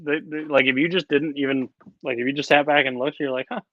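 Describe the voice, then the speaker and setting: Animated man arguing in casual chat. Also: a little high, quick pace, no room sound, muffled recording. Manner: animated, argumentative, gets loud when pressing a point. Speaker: podcast co-host.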